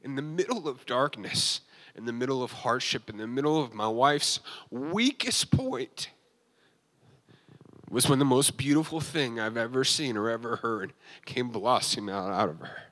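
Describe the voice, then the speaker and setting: A man's voice: mid-range voice, animated, moderate pace, fairly bright tone. A man giving a sermon as a pastor, telling an emotional personal testimony with frequent restarts and fillers.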